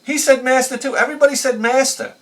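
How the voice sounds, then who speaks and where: A man hosting a retro game video, telling rambling stories in an animated, profane way and laughing at his own jokes. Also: very high-pitched, fast talker, recorded from a distance. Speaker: retro game channel host. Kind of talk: rambling storytelling review.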